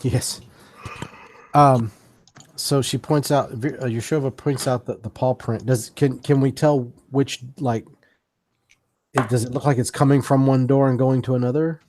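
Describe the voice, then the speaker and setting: Hesitant player, mid-pitched man. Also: steady tone, a little slow, a little mellow, slight background noise. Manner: hesitant, with many fillers. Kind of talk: tabletop game chat.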